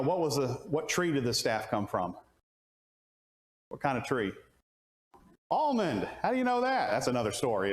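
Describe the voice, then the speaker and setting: A man preaching a conversational Bible lesson to a class, asking questions and restarting his sentences. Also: mid-range voice. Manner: asks the audience questions, many restarts. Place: church classroom. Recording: roomy church room sound.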